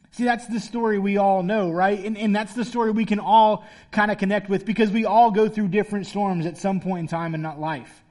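A man's voice: high-pitched, steady tone, a little fast, hardly any pauses, darkish tone. A man as a pastor preaching a sermon in a casual, playful storytelling way.

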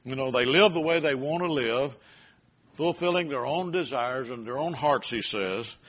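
A male pastor delivers a sermon to his congregation. His voice sits at an ordinary middle pitch, climbing to loud, emphatic peaks before falling back to a low, quiet tone. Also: normal speed, husky.

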